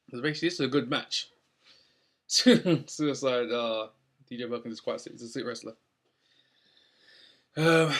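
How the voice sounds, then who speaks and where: Young dude rambling through a recap, ums everywhere, mid voice. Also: male voice, mid-range voice, fairly bright tone. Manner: rambling, many ums and restarts. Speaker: wrestling show reviewer. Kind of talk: casual recap.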